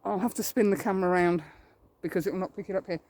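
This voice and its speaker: Speaking very fast in a lowish, a little mellow voice with fairly even intonation, an English woman photographs landscapes and narrates her vlog while walking through woodland. She's a little out of breath and thinks aloud, poking fun at herself.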